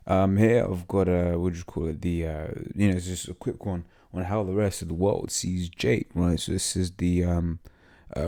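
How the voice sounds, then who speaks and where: Gravelly deep-voiced man teaching scripture. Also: warm tone. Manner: halting, full of fillers and restarts; reads passages aloud haltingly. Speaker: religious teacher.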